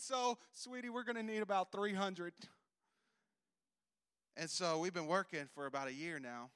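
A man giving a missionary testimony as a sermon, telling his story with loud bursts and soft asides and acting out the dialogue in quoted voices. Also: sits high, moderate pace, smooth. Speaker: missionary preacher.

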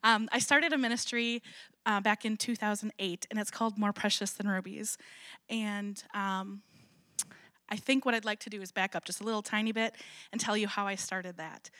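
A middle-aged ministry founder from Wisconsin, USA, is the guest speaker at a church gathering, sharing her personal testimony in a chatty, self-deprecating way with frequent little laughs. Her medium-pitched voice is a bit bright, with fairly even intonation at normal speed, and the studio-quality recording has no echo.

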